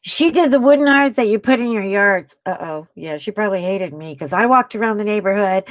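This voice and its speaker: A woman hosting a casual craft live stream, chatting excitably with viewers and breaking into gasps and "oh my God" exclamations. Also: medium pitch, brisk, few pauses, dry recording.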